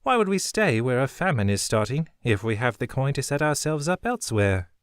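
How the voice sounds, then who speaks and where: A man's voice: mid-range voice, sing-song, a little fast, clear, resonant tone, dry recording, studio quality, voice pushed up, close to an everyday voice. A man voicing a shrewd, wry young woman smuggler who talks in a chipper, blunt way.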